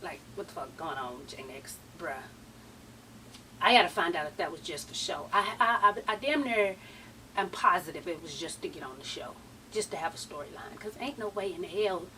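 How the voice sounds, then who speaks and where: A woman's voice: lowish voice, animated, normal speed, bright, forceful tone, recorded from a distance, slight background noise. A tired woman vlogger giving a casual, sassy, profane recap of a reality show and quizzing her viewers directly. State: tired, late at night. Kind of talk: casual gossipy recap commentary.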